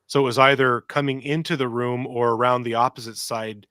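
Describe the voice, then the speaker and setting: A middle-aged podcast co-host with a mid-range voice talks a little fast on a dry, studio-quality recording. He rambles through stories in a casual chat, animatedly voicing the quotes and sound effects himself.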